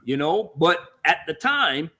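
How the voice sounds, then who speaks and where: A man hosts a casual show review. He retells scenes with lively energy, putting on voices for the characters and swearing freely. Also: on the high side, a little slow. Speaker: podcast host reviewing a TV episode. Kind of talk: animated casual recap.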